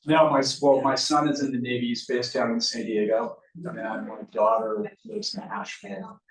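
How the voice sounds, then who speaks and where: A man in his fifties in relaxed casual chat. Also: medium pitch, normal speed. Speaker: workshop attendee. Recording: roomy echo, distant mic.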